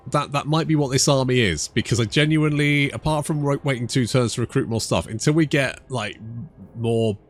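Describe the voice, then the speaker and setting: A British man casually commentating a strategy game, chatty and rambling with joking asides. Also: mid-range voice. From Britain. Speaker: gaming YouTuber. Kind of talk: casual let's-play commentary.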